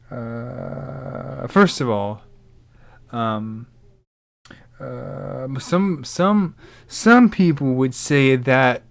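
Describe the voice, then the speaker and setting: Slow rambling young man. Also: mid-range voice, gravelly, clean tone. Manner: rambling, hesitant, many fillers. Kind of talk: casual vlog chat.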